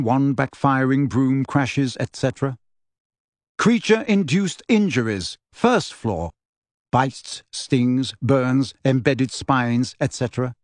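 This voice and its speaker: A man reading a book passage aloud on a podcast in a measured, list-like way. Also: mid-range voice, dry recording, clean studio sound. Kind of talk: audiobook-style reading.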